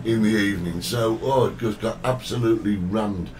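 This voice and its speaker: A man's voice: lowish voice, normal speed, recorded from a distance, rough recording. A man hosting a casual talk show, chatting and reading out viewer greetings. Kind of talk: casual chat.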